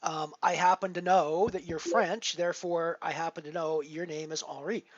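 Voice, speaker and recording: A man's voice: fairly high pitch, level tone, normal speed, dry recording, highs cut off. A man casually chatting to his viewers while he plays online poker, rambling with lots of fillers and restarts. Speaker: poker streamer. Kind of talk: casual live-stream commentary.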